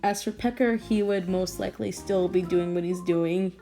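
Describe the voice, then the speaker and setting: Young woman rambling late at night about her art, mellow low-key voice, keeps restarting and giggling, faint music behind. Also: steady tone, normal speed. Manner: rambling, self-interrupting, giggly. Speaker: artist vlogger.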